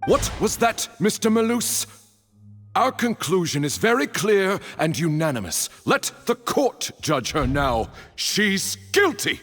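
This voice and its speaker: A coldly persuasive juror. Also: male voice, high-pitched, big pitch swings, a little slow, fairly bright tone, big-room sound, faint music behind, full character voice. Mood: accusing. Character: male juror leading the ghostly court crowd.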